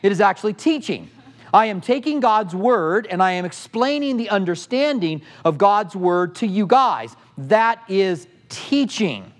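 A man's voice: high-pitched, sing-song, measured pace. A middle-aged male pastor teaching a sermon with passion, firing off rhetorical questions at the congregation.

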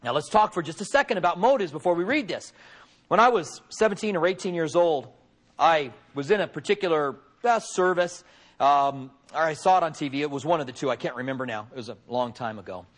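A middle-aged pastor giving a conversational sermon, folksy, with joking asides to the congregation. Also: male voice, on the high side, animated, fast talker.

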